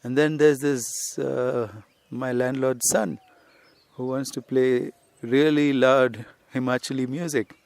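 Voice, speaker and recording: "You see" crops up often as a spiritual teacher and podcaster rambles through an unscripted, conversational lesson recorded outdoors on a hillside. His voice is mid-range and the recording dry.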